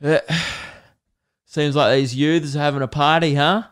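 A man imitating his own dad as a gruff, muttering suburban father on the porch. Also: fairly high pitch, steady tone, slow, fairly bright tone. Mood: grumbling.

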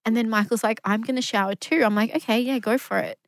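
A woman's voice: fairly high pitch, quick pace. A woman in her thirties tells her story at full tilt, slipping into the voices of everyone else in it and swearing without a second thought. She sits close to a mic in a dry room, with no echo at all. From Australia. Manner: animated storyteller, acts out quotes, swears casually. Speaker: guest. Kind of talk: casual storytelling interview.

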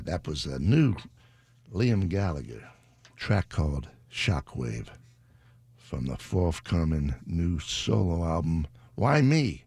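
A man's voice: low voice, very animated, takes it slowly, darkish tone, husky, no room sound. A British man hosting a radio show, chatting casually in a rambling, self-deprecating way into a studio mic. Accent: British English. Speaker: radio DJ host.

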